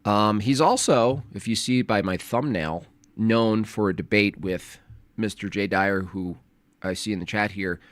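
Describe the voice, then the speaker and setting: A man's voice: lowish voice, unhurried, dry recording. A male host giving casual, joking livestream commentary in a sarcastic tone.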